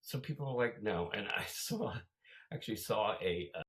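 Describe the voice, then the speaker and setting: A man telling a loose, rambling story in relaxed conversation. His pitch swings lively up and down as he goes, and he stops often for fillers. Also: normal speed, poor audio. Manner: rambling anecdotal storytelling, animated. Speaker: podcast host. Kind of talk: casual chat.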